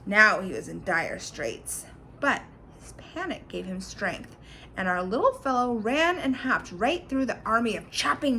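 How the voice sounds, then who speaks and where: A woman reading a storybook aloud to a child, animated and pointing out the pictures as she goes. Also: mid-range voice, creaky, a little hiss or hum, poor audio.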